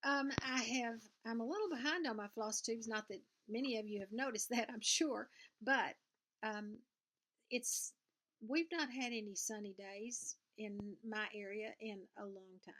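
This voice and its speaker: A woman's voice: fairly high pitch, a little slow, fairly bright tone. An older woman with a Southern US accent, chatting casually to camera from her sewing room in a rambling, folksy way. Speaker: cross-stitch vlogger. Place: home sewing room, indoors.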